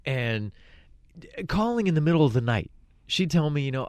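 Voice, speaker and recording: A man's voice: a little high, normal speed, no room sound. A man from Virginia, co-hosting a radio show, telling a story in casual chat and acting out the people in it. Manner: animated, acts out the people in his stories.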